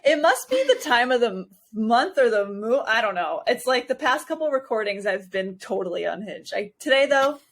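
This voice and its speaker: A woman's voice: a little high, very animated, normal speed, few pauses, a bit bright. A woman co-hosting a podcast from Hawaii in a casual chat, bubbly and giggly with frequent exclamations. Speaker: podcast co-host.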